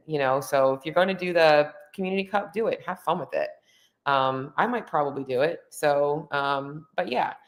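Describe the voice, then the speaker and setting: A woman hosting a podcast, talking casually and candidly about her own experience. She uses many fillers and gets openly emotional. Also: deep voice. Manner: chatty, lots of "like" and "um" fillers. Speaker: podcast host. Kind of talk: casual personal monologue.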